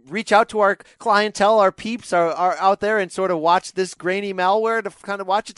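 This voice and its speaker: A man hosting a podcast, chatting in an animated way with casual slang. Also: high voice, no room sound. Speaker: podcast host.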